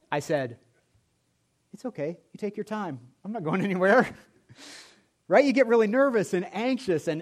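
A male pastor delivering a sermon in a church, his voice sitting a little high for a man. He preaches with a storyteller's humor and swings his volume up and down for emphasis.

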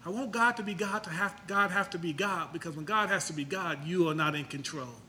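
High, bright, fervent male pastor. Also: a little fast, a little hiss or hum. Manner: preaching with sudden loud high bursts and rhetorical questions. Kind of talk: sermon.

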